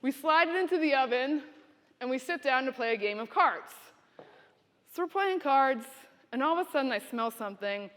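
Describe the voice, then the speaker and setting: A woman giving a keynote speech, telling a story in an animated, dramatic way. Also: high voice, normal speed. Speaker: keynote speaker. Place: conference hall. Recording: reverberant hall.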